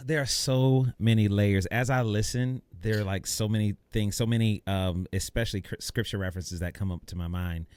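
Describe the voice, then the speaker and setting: A man hosting an interview, talking in a relaxed, reflective way and tying what he hears to scripture. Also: lowish voice, normal speed, clear, resonant tone. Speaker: interviewer, podcast host. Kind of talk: casual conversation.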